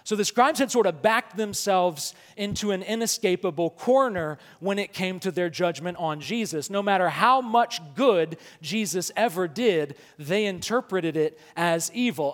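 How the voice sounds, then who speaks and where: A man preaching a sermon as pastor, slowing down to read scripture and building up to loud, emphatic passages. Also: high voice, expressive, long reverb tail.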